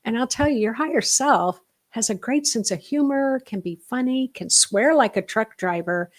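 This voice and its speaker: A middle-aged woman leading a live online spiritual workshop, talking in an animated, emphatic way that swings between quick bursts and slow, hushed asides. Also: on the high side.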